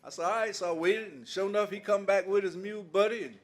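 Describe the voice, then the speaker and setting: A man's voice: sits high, fast. An older man doing stand-up comedy, telling folksy stories in a loose way and laughing at his own jokes.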